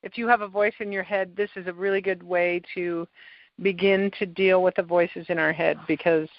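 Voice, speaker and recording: A woman hosting a podcast, calmly guiding a client through a tapping session step by step. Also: lowish voice, moderate pace, dry recording. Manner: calm, coaching, gives step-by-step prompts. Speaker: tapping practitioner and podcast host. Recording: dull, lo-fi sound.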